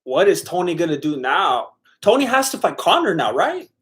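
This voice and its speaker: A man's voice: high-pitched, big pitch swings, moderate pace. A man giving casual, chatty live commentary on a fight broadcast, laughing often as he relays the post-fight interview.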